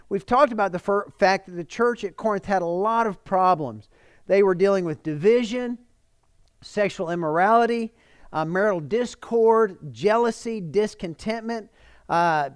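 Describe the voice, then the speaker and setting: A man pastor preaches to an online congregation in an earnest, chatty way. His voice sits fairly high and smooth, and the sound is close and dry. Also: no echo. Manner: warm, earnest and conversational, with many fillers. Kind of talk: livestreamed sermon.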